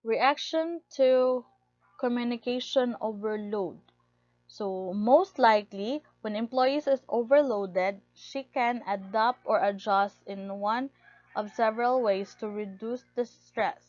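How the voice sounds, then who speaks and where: A woman with a fairly high voice delivers a lecture at a very unhurried pace, reading from her notes and leaning on key words. The recording is dull and lo-fi, with a dry, close sound and no room around her. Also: a little mellow, no room sound. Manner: reads steadily from notes, stressing key words.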